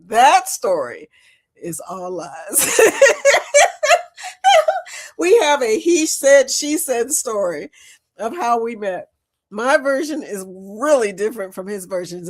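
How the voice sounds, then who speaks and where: An older woman hosts a casual livestream chat, greeting viewers by name. She talks loudly, and her pitch swings up and down a lot. She laughs often. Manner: animated, laughs often, loud and lively. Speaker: live-stream host. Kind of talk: casual live-stream chat reading comments.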